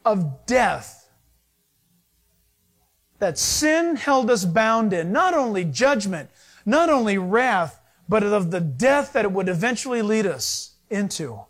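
Animated, high-voiced male pastor preaching. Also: takes it slowly. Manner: animated, acts out voices and jokes with the audience. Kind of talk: sermon.

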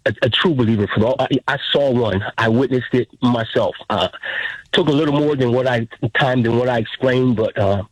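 A man in his fifties, a veteran calling in to a radio show, who speaks earnestly and sounds close to tears. His voice is husky and the sound is dry and close. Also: medium pitch, brisk, no room sound, rough recording. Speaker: caller, military veteran. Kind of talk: phone-in storytelling.

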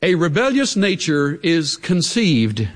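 A male preacher giving an emphatic, dramatic sermon. He drops to hushed tones at times. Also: fairly high pitch, sing-song, slow pace, in a large hall.

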